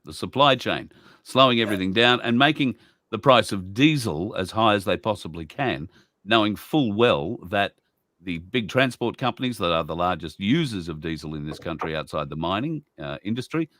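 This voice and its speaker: A man's voice: on the low side, fairly bright tone, dry recording, studio quality. An Australian man chatting on an online talk show, explaining at length with rambling asides. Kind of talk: casual chat.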